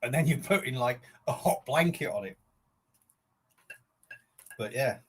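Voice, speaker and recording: With an expressive, medium-pitched voice that's a little slow and has a breathy edge, the older host keeps eating on his live stream. He rambles casually, breathless from the chilli burning his mouth, sweating and sniffling.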